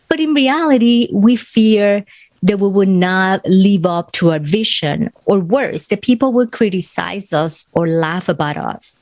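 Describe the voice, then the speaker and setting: A woman's voice: lowish voice, a little mellow, no room sound. Spanish-accented woman hosting a motivational podcast. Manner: earnest, encouraging, non-native grammar. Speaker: podcast host.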